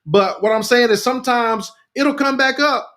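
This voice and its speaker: A man's voice: very high-pitched, normal speed, fairly bright tone. A man hosting a talk, speaking in a rousing, repetitive way, addressing listeners as "y'all" and reading out their comments.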